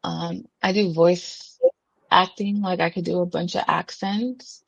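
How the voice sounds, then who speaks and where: Low-voiced woman, chatty podcast guest. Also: fairly even intonation, a little slow, creaky, husky, no room sound, highs cut off. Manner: chatty, filler-heavy, laughs easily. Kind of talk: casual podcast interview.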